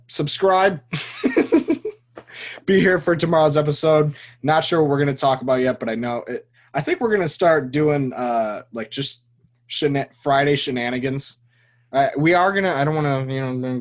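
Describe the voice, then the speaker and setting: A man at a middle pitch hosting a loose, casual sports podcast. He jokes with his co-host, laughs often, and lets his sentences fade into a low mumble. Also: moderate pace.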